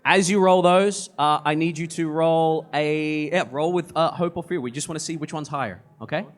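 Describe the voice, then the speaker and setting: A man's voice: a little high, normal speed. A man serving as game master at a live tabletop game on a convention stage, explaining dice rules.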